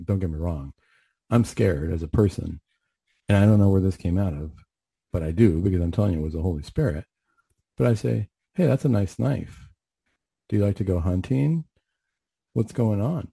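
A man's voice: lowish voice, gravelly, warm tone, breathy edge, dry recording. A man telling a story from his work in mental health, earnest and reflective, acting out his own questions. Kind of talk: storytelling monologue, faith-based talk show.

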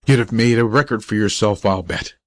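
A man voicing a young college athlete who speaks low and tenderly to a dying boy. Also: brisk, dry recording, clean studio sound, close to an everyday voice.

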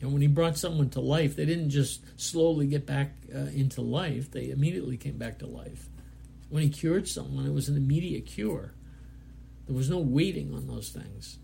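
A man's voice: medium pitch, moderate pace, vocal fry, mellow, slight background noise. A man giving a sermon, reading scripture aloud and explaining it in an earnest, plainspoken way with frequent restarts. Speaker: preacher.

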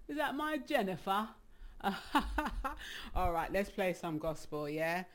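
A woman's voice: on the low side, measured pace. A young Jamaican woman hosts a casual live stream and sounds a little out of breath. She is chatty and affectionate, greeting viewers by name and laughing easily. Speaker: live-stream gospel show host.

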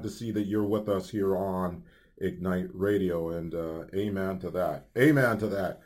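A man's voice: deep voice, fairly even intonation, a little slow, darkish tone. A man hosting a Christian radio show, talking casually with many fillers and restarts between upbeat announcements. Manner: rambling, filler-heavy, upbeat. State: hiccups. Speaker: radio host.

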